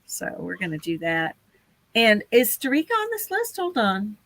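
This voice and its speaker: A woman's voice: medium pitch, wildly swooping pitch, normal speed, a bit bright, no echo, poor audio. A woman hosting a casual live stream, chatty and laughing often as she talks to her viewers.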